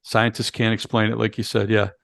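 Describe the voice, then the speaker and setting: A man's voice: on the low side, little pitch movement, fairly quick, creaky, fairly bright tone, no echo, clean studio sound. A man co-hosting a podcast, casually retelling a movie plot step by step with many fillers and restarts. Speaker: podcast co-host. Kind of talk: casual movie review chat.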